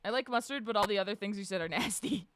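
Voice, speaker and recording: A woman streamer chatting casually with her live chat, swearing freely, laughing often and shouting out greetings. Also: medium pitch, fast, a little hiss or hum. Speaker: livestreamer reading and answering chat.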